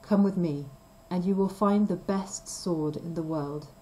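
Woman reading as a calm old wizard. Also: fairly low pitch, measured pace, slight background noise, lightly acted, poor audio.

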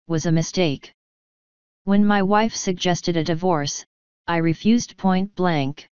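A woman's voice: on the low side, clean tone, dry recording, close to an everyday voice. A woman voicing a cold, sneering aristocratic English lord, curt and disdainful. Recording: dull dry recording.

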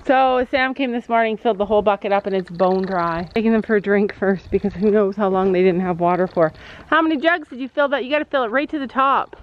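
Mom vlogger chatting outside at the barn, kinda dull sound, faint noise behind. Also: female voice, mid-range voice, quick pace. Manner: chatty, explains gear to viewers. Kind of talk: casual vlog chat. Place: outdoors at a horse barn.

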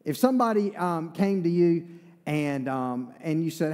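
A man with an Eastern North Carolina accent preaching in a church sanctuary. His voice sits a little high yet stays warm and mellow, and his delivery is folksy and chatty, full of asides. A long reverb of the hall trails every phrase. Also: expressive, measured pace. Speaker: pastor. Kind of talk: sermon.

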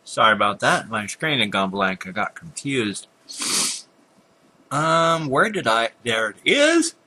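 A man's voice: mid-range voice, expressive, measured pace, bright, forceful tone, breathy edge. An older man casually talking through a computer game, muttering at monsters and apologizing for his yawns. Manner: chatty, muttering at enemies, frequent yawns and apologies. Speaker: gameplay commentator.

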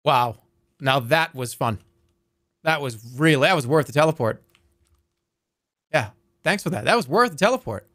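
A man's voice: a little high, lively intonation, pushed and bright, dry recording, clean studio sound. A man in his thirties, a streamer chatting casually and joking while playing a game, reading messages aloud as he goes. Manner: joking, reacting fast, reading chat aloud.

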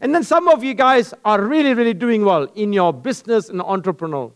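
High-voiced animated male preacher. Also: a little fast. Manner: animated, storytelling, acts out dialogues. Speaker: pastor. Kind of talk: sermon.

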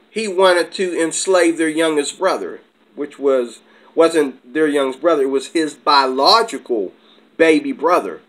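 A man with a fairly high voice rants to his viewers in a heated, combative way. He jumps between points, circles back, and presses each claim. At times he slows down and drops quieter. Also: poor audio. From America. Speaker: channel host. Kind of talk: heated vlog rant.

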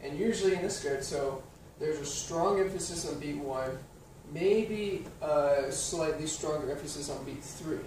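Piano teacher counting beats, echoey room. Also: male voice, on the high side, measured pace, hardly any pauses, darkish tone, slight background noise. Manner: explains patiently, counting beats aloud. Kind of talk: instructional music lesson. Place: piano studio. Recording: roomy studio, distant mic, piano playing.

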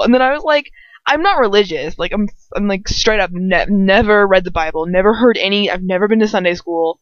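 A woman's voice: medium pitch, fairly quick, dry recording, muffled recording. A young woman chatting in a rambling aside during a story reading. She giggles, swears freely and trails off to restart her thoughts. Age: young adult. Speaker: fanfiction reader.

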